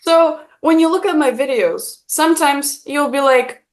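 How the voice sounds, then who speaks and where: Young Estonian woman, non-native speaker, bright storyteller with a slightly high voice, lots of "like". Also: unhurried. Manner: animated, acts out quotes, many fillers. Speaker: guest content creator. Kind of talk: casual storytelling chat.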